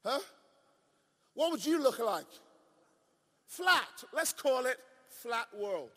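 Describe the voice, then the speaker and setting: Male preacher, very high and sharp-toned, shouts then drops low, quizzes the audience, recorded with long reverb in a hall. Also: sing-song. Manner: swings from shouted declarations to low, drawn-out asides; asks the audience questions and leans on repetition. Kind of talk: sermon.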